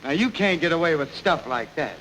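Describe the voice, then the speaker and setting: A fussy army officer in an old film comedy, fretting and theatrical as he swings between bluster and hushed asides. His voice sits high. A steady hiss covers the crackly 1929 soundtrack. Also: fairly quick. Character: fussy, flustered male officer leading a comic execution. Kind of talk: 1920s film comedy acting.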